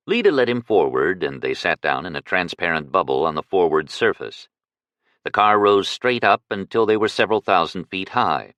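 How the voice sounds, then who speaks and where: A man narrating a science fiction audiobook in a measured, expressive storytelling manner. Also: low voice, dry recording. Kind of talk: scripted narration.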